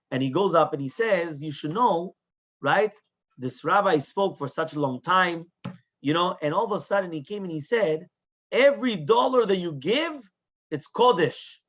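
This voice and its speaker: A man, a rabbi, telling a lesson story in English with Hebrew terms, acting out the people in it and asking his listeners "right?" again and again. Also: fairly high pitch. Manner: animated storyteller, acts out the people in his tale; mixes Hebrew terms into English, with frequent tag questions. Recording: dull, lo-fi recording.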